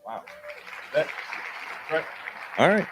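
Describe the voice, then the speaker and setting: A man hosting a morning radio show, playful and loud, joking with co-hosts and taking callers. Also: fairly high pitch, expressive, fast, soft background music, a faint crowd. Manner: loud, playful, hypes winners. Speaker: radio host. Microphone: studio microphone.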